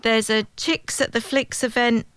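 A woman co-hosts a casual radio show. She reads out the listings in a brisk, upbeat, chatty way. The sound is dry and close, with no room around her. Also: on the high side, steady tone, fairly bright tone, dry recording. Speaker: radio co-host. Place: radio studio.

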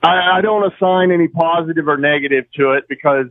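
A man's voice: on the high side, fairly quick, dry recording. Guy calling in from oregon, kinda rambling, stumbles a lot, thin dry phone sound. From Oregon, USA. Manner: rambling, hesitant, repeats himself. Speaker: caller. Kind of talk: phone-in conversation. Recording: tinny dry phone line.

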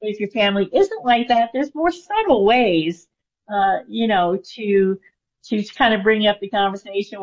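A woman's voice: medium pitch, lively intonation, moderate pace. A woman answering questions as a guest in an interview, speaking in an earnest, chatty way with many fillers. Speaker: guest medium. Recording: dull lo-fi sound.

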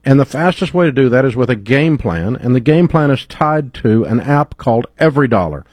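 A man's voice: mid-range voice, animated, brisk, a little mellow, dry recording. Confident male radio host, dry studio. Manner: confident, emphatic, persuasive. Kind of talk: radio show host, reading an ad then taking calls. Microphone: studio microphone.

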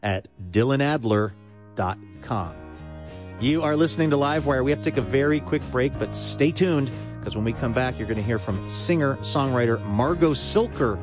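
A man's voice: medium pitch, lively intonation, moderate pace. A man hosting a radio show, reading its links in a breezy, joking way. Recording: studio voice over a music bed.

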